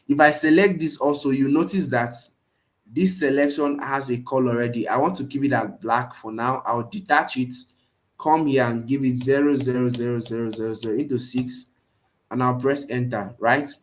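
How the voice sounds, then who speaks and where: A man's voice: mid-range voice, steady tone, moderate pace. A man teaching a design tool in a live screen-share tutorial, earnestly checking in with his students again and again. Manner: earnest, keeps checking in with "right?" and "you understand?". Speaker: design instructor.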